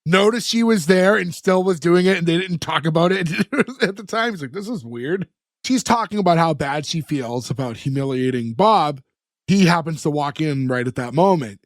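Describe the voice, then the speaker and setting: A man with a high voice, recorded dry and close, chats casually on a podcast. He retells scenes with energy and breaks into laughter between lines. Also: moderate pace, dry recording. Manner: animated storyteller, acts out quotes, laughs often. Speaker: podcast co-host. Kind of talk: casual chat recapping a sitcom episode.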